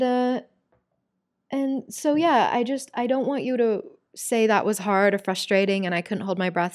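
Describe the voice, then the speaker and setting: A young woman leads a breathwork lesson in a calm, hushed voice that turns chatty and candid when she explains. Her pitch sits in a middling range, and the sound is close and dry with no room echo. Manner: calm, soft-spoken, casual and candid. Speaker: breathwork and yoga teacher.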